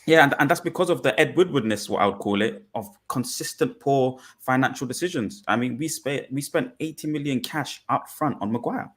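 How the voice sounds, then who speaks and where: A man talking things through deliberately on a fan podcast panel, with many pauses and restarts. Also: medium pitch, fairly bright tone. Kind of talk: measured fan podcast discussion.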